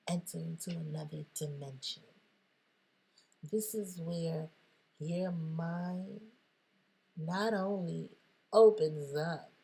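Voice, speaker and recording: A woman talking playfully in a motivational monologue, animated, jumping between whispers and sudden squeals. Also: on the low side, creaky, slightly rough. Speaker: motivational vlogger.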